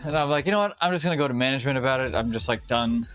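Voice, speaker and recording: A man's voice: mid-range voice, racing. Profane man ranting over faint music. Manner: profane, ranting, animated storytelling. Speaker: streamer. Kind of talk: casual chat.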